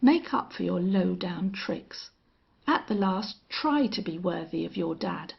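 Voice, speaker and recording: A steely old gunfighter, as a woman narrator puts him on, flat and cold, each threat unhurried. Her voice has a husky, gravelly edge, and the recording sounds muffled and lo-fi. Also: fairly low pitch, heavily acted. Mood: menacing. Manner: strange, monotonous, cold. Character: grim, steely older male gunfighter and hunter.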